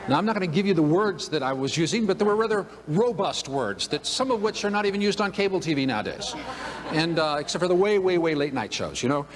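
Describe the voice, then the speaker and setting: Animated older man speaking in a hall. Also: a little high, fast talker, crowd noise. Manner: animated, humorous storyteller. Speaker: motivational speaker. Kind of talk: storytelling keynote speech. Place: event room with audience. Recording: long hall reverb.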